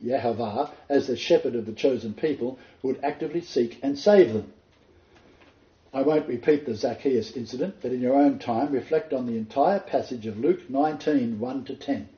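A man's voice: mid-range voice, mellow. A man teaching as a messianic rabbi and minister, quoting scripture with dramatic emphasis. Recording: echoey, dull lo-fi room sound.

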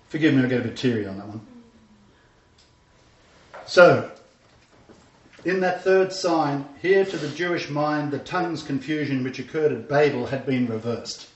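Earnest preacher in an echoey room. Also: male voice, mid-range voice, normal speed, long pauses. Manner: earnest, storytelling, emphatic repetition. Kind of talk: sermon. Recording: echoey room, distant mic, dull lo-fi sound.

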